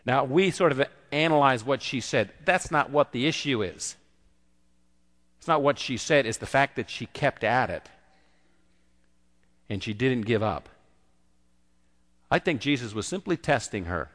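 A man's voice: medium pitch, expressive, a little slow, pauses often, fairly bright tone, long reverb tail. A man preaching a conversational sermon and acting out the quoted voices. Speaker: pastor.

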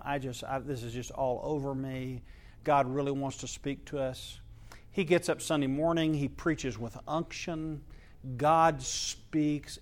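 Gravelly pastor telling a story. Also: male voice, medium pitch. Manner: earnest, emphatic, voices swell then drop soft. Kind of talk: sermon storytelling.

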